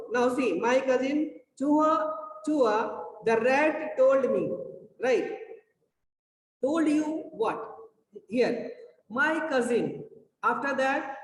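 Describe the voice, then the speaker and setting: High-voiced teacher, echoey. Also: male voice. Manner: repetitive, halting explaining with many restarts. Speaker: school English teacher. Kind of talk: online class lesson. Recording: echoey room with long reverb, faint hiss.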